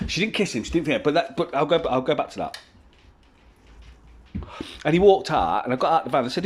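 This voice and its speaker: A man's voice: fairly high pitch, big pitch swings, quick pace, breathy edge. A man, telling a personal story at home in a rambling, swearing, casual way. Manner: rambling, heavy swearing, frequent restarts. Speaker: vlogger. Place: at home with children around.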